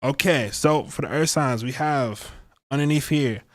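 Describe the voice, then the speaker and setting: A man's voice: medium pitch, unhurried. Male astrologer, casual rambling delivery, mid voice. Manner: rambling, slangy, chatty. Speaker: astrologer and tarot reader. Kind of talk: casual livestream reading.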